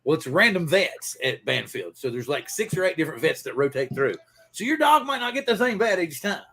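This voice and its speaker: A man's voice: on the high side, sing-song, brisk, bright, forceful tone. A man hosting a casual live stream, rambling loosely and greeting viewers by name. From Pacific Northwest. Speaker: livestream host.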